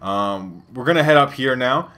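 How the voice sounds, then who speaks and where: A man's voice: mid-range voice, expressive, moderate pace, pushed and bright. A young man casually commenting over his own gameplay, loose and profane, rambling with lots of fillers. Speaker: gaming youtuber. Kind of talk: let's play commentary.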